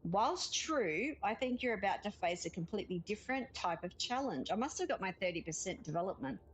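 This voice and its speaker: A woman's voice: medium pitch, lively intonation, fairly quick, few pauses, husky, poor audio. A woman chatting casually while playing a game, giggling often and reading game text aloud. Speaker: gaming streamer. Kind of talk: casual let's-play chat.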